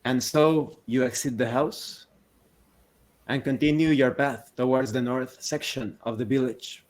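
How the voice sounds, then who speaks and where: A man narrating a tabletop game as game master in a slow, deliberate way. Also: mid-range voice, fairly even intonation.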